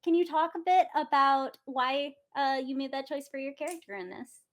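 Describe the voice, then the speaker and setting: Woman host, high voice, playful, teasing. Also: moderate pace. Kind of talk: casual interview chat.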